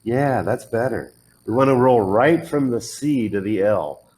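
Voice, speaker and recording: A man's voice: mid-range voice, expressive, a little slow, darkish tone, low-quality recording. A man teaching English pronunciation one on one, patiently modelling words and correcting the learner's drills.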